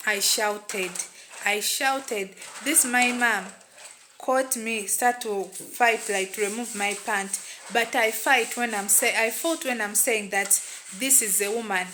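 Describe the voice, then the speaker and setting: A woman's voice: a little high, measured pace, sharp tone, slight background noise. A woman narrating a first-person story in an emotional, repetitive way. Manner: emotional, repetitive, tags lines with "what and what".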